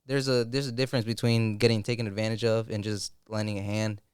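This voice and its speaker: A young man chats loosely on a podcast, circling his point with likes and slang. His voice is crisp and a bit low, close and dry on the mic. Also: level tone, fast, dry recording. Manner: rambling, full of likes and slang. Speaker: podcast host. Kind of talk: casual chat.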